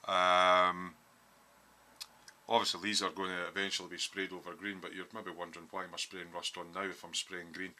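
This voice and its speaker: A man talks through his model build in a home workshop, pausing often with ums as he explains each step. His voice sits very low but has a sharp, bright edge. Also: flat delivery, a little hiss or hum. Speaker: hobby scale modeller. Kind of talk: casual workshop build walkthrough.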